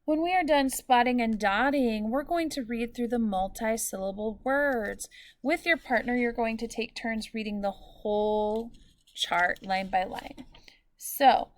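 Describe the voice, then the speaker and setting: A woman teacher giving a recorded lesson to students, explaining clearly and patiently and drawing out example words. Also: on the high side, a little slow.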